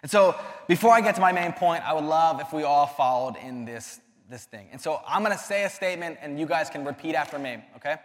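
A man's voice: a little high, lively intonation, fairly quick, few pauses. A young man giving a casual sermon to a youth group, earnest and conversational, often restarting his sentences. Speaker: youth ministry speaker. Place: church hall. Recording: long hall reverb.

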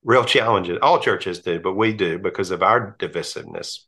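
A middle-aged man speaks in a low, bright, forceful voice as a talk show guest. He tells rambling anecdotes with many restarts and laughs, in a relaxed conversational way. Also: moderate pace, gravelly, husky. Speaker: guest, Episcopal priest. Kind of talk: casual conversation.

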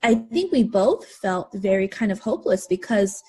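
A mother talking casually in an interview, halting and filling pauses as she speaks. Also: medium pitch, expressive, darkish tone, slightly rough. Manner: halting, many fillers. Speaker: parent.

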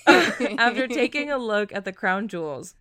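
A woman's voice: fairly high pitch, lively intonation, unhurried, fairly bright tone, no echo, studio quality. A woman co-hosting a podcast, reading a listener's story aloud and breaking into laughter as she goes. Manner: laughs often, breaks up mid-sentence while reading. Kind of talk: casual chat and story reading.

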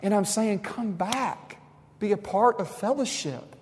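A man preaching a sermon as a campus minister, impassioned and swinging from loud exhortation to soft, intimate speech. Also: high-pitched, measured pace, big-room sound.

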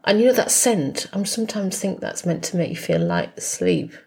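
A woman's voice: mid-range voice, huge pitch swings, normal speed, a little mellow, breathy edge. A woman co-hosting a podcast, chatting casually and teasing her brother as she tells the story. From England. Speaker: podcast co-host. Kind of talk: casual chat.

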